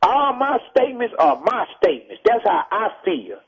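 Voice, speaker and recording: A man's voice: high voice, sing-song, moderate pace, gravelly, slightly rough. Blunt man on a muffled phone. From Texas. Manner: forceful, lecturing, blunt. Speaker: rapper interviewed by phone. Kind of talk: heated radio phone interview. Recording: muffled archival phone call.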